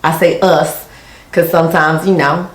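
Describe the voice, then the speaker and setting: Chatty young woman, lowish voice. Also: little pitch movement, a little slow. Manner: chatty, talkative. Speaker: Army officer. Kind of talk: casual makeup chat. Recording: echoey room.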